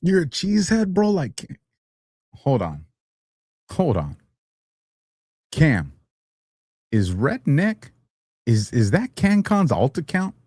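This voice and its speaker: A man's voice: mid-range voice, big pitch swings, extremely slow, long pauses, darkish tone, husky, no room sound, clean studio sound. A man hosting a livestream show, talking casually and animatedly, teasing his chat and laughing often. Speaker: host.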